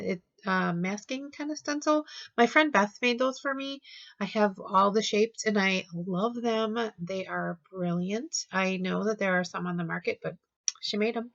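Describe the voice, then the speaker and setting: A woman's voice: medium pitch, vocal fry. Chatty woman crafting voice-over, slightly dull audio. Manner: chatty and enthusiastic, with fillers and restarts. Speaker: card-making channel host. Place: home craft room.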